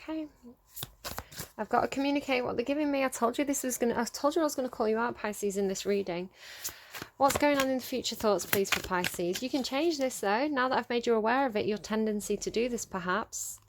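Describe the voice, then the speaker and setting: A woman's voice: fairly high pitch, brisk, slight background noise. A woman giving a casual tarot reading straight to her viewers, earnest and coaxing, laughing often between points. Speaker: tarot reader.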